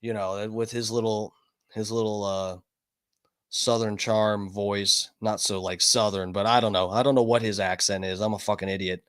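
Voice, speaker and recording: A man's voice: fairly low pitch, fairly even intonation, normal speed, fairly bright tone, smooth. Profane, rambling male streamer. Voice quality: loose and profane, self-mocking. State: coughing from smoking. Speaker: streamer host. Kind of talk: casual livestream chat. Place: home studio.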